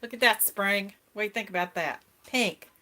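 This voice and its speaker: Speaking at normal speed in a medium-pitched voice, a middle-aged host chats casually with viewers on a live stream. She greets them cheerfully and laughs often.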